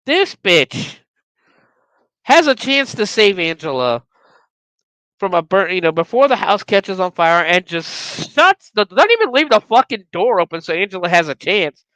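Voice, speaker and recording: A podcast host whose casual recap swings widely up and down in pitch and keeps slipping into profane rants. The tone is bright and forceful, and the recording is close and dry with no room sound. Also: unhurried, dry recording. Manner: animated, profane, ranting.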